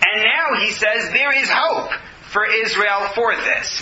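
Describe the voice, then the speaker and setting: A man with a high, very bright voice teaches a text class in a classroom. He reads verses aloud, translates them and breaks them down for his students, then fields their questions. The recording is roomy and dull. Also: a little slow, a little hiss or hum. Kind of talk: text study lecture with questions.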